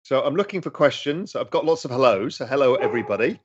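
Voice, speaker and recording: A man's voice: medium pitch, animated, fast talker, slightly rough. A middle-aged man, chatting enthusiastically as he reads and answers chat questions on a casual livestream. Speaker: host answering audience questions. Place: home room. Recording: slightly dull lo-fi stream audio.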